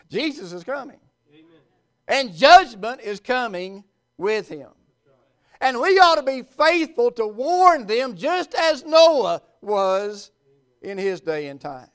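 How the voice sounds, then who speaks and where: A male pastor preaching a sermon, with emphatic delivery and dramatic pauses. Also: very high voice, fairly bright tone, clear, resonant tone.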